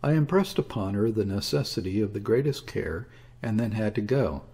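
A man reading a classic story aloud as an audiobook, in a measured, even storytelling manner. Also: lowish voice, breathy edge. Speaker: audiobook reader. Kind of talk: scripted narration of a classic story.

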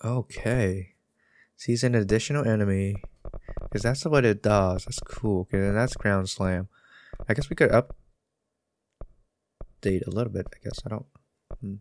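A man's voice: fairly low pitch, normal speed, long pauses. A man casually talking through a video game as he plays, joking at himself and getting worked up at the screen. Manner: excitable, jokey, talks to himself while playing. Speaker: gaming streamer. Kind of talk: casual let's-play commentary.

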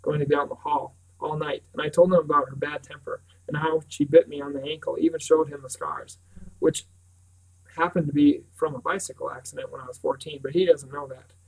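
A man's voice: on the high side, steady tone, a little fast, vocal fry, breathy edge. Teen boy, devious but practical, matter-of-fact, read by a man, audiobook, mic at a distance. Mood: explaining. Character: teenage boy, scheming and practical.

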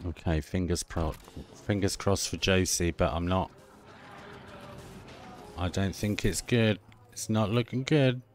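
A man's voice: deep voice, measured pace, pauses often, faint music behind. A man commentating a let's-play, chatty and joking, talking to himself and making car noises as he drives. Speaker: gaming video host.

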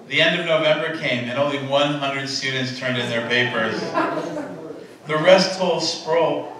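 A man preaching a sermon in a church, talking to the congregation in a relaxed, conversational way and stopping to correct himself. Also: fairly high pitch, measured pace. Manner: conversational, self-correcting, laughing asides to the congregation. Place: church sanctuary. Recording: very echoey room, voice from a distance.

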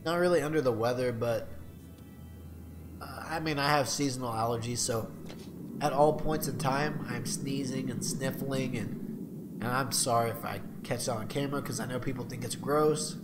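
A man giving casual gameplay commentary, rambling and swearing, with loud mock-taunting outbursts. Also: mid-range voice, normal speed. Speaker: gamer. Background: loud game music and horse sounds.

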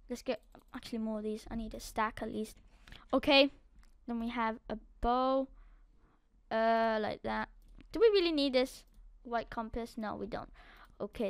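A woman narrating her game play as she goes, excitable, swinging from quiet muttering to loud outbursts. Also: on the high side, clean tone, no echo, studio quality. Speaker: gaming YouTuber. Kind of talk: live game commentary.

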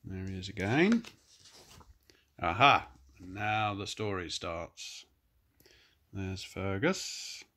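An older man, a grandfather, gently reading a picture book aloud to children and pointing out the pictures. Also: low-pitched. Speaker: grandfather storyteller.

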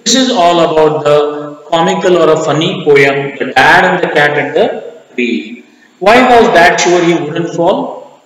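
A man's voice: fairly high pitch, a bit bright. Indian man teaching a poem, echoey. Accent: Indian English. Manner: explains each word slowly, asks and answers his own questions. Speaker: English teacher. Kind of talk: classroom poem explanation. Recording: echoey, reverberant room.

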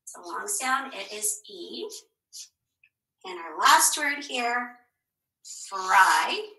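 A woman teacher giving a recorded phonics lesson to young children, slow and encouraging, asking questions and answering them herself. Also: medium pitch, expressive, vocal fry, pushed and bright. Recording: echoey room.

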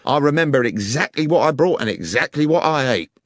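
A man's voice: lively intonation, fairly quick, no echo, clean studio sound, lightly acted. A man voicing a weary, defensive male railway guard in an audiobook, respectful but protesting. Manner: respectful, protesting, raised pitch.

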